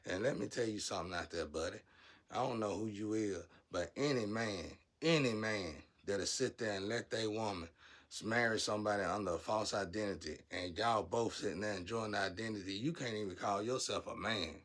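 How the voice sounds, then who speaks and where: A man with a lowish voice rants into the camera in a vlog, blunt and profane. He scolds his audience, dropping to a mutter and then rising to loud shouting. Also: brisk. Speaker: vlogger. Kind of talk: ranting monologue to camera.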